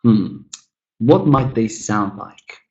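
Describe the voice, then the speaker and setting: A man's voice: fairly low pitch, muffled recording. A man teaching a live online English lesson, repeating model words and talking directly to viewers in the chat. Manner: lively, demonstrative, repeats model words slowly, talks to chat.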